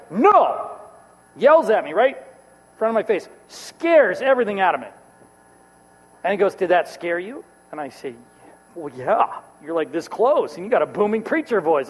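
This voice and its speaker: High-voiced man preaching in a hall. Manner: storytelling, acts out quoted voices, laughs between lines. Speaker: pastor. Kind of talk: sermon with personal story. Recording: reverberant hall with mains hum. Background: mains hum.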